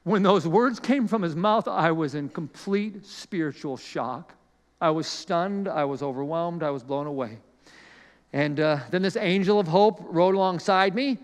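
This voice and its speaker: A man preaching through a personal story with a high, smooth, resonant voice. He talks conversationally and self-deprecatingly, slipping into the voices of people in his story. The sound carries the long reverb of a large hall. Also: unhurried. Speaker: pastor. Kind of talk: storytelling sermon.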